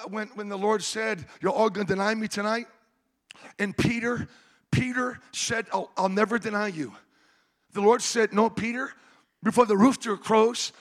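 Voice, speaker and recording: A man preaching a sermon, moving between loud, impassioned retellings and quiet, conversational asides to the congregation. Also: high voice.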